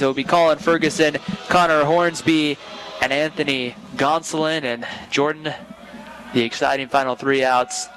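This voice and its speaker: A man with a somewhat high voice provides color commentary for a live baseball broadcast, analysing plays in a loose, conversational way that often restarts mid-thought. Faint music sits low in the background. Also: fairly bright tone, poor audio. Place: stadium broadcast booth.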